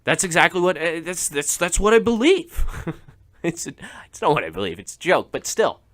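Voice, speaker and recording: A young man hosts a casual radio talk show with a sharp, bright tone that sits a little high for a man. He rambles through jokes and breaks into laughter. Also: sing-song, moderate pace. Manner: joking, rambling with laughs and restarts. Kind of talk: casual comedic monologue.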